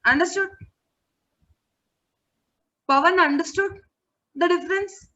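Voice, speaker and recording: Bright-voiced teacher, woman. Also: extremely high pitch, slow. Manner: patient, repeats words and checks understanding. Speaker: English teacher. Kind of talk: online class teaching. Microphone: video call. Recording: muffled online call audio.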